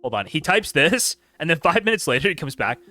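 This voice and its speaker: A man's voice: on the high side, sing-song, brisk, bright, forceful tone, soft background music. A man hosting a stream, reading chat logs aloud with sarcastic, incredulous commentary. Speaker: streamer host.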